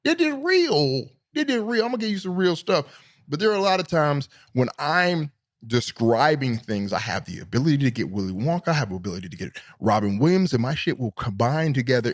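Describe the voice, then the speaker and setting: Animated, profane man hosting a podcast. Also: a little fast. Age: middle-aged. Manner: animated, profane, rambling, swings between high and low pitch. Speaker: podcast host. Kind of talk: casual solo podcast monologue.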